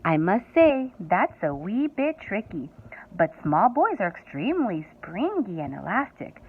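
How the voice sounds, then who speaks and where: A woman voicing an eccentric, cheerful male chocolatier in a lower, drawn-out voice over a tinny phone-like line. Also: big pitch swings, slightly rough, exaggerated voice. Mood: musing.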